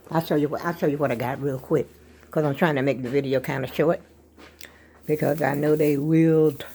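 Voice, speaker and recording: An older woman talks to her viewers at home. She rambles casually from one chore to the next, a little out of breath. Her pace is easy and unhurried. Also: sits low, a little mellow, slight background noise. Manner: rambling, chatty, addresses viewers as y'all. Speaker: vlogger. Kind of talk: casual home vlog chat.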